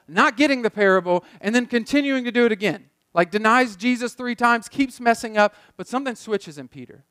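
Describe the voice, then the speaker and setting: High-voiced male pastor preaching casually. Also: fairly bright tone, no echo, clean studio sound. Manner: conversational storytelling, repeats words while thinking. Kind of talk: sermon.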